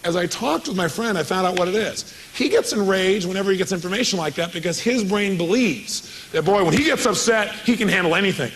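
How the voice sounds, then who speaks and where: A man's voice: high-pitched, lively intonation, brisk, few pauses, fairly bright tone, slight background noise, poor audio. A man giving a live motivational seminar, telling a story with energy and quizzing his audience. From California. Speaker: motivational speaker.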